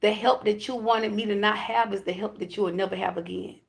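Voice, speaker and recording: A woman who calls herself a high priestess, delivering a channeled spiritual message to her viewers in emphatic, repetitive declarations with casual swearing. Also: fairly even intonation, fairly quick, vocal fry. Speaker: self-described high priestess giving a spiritual reading.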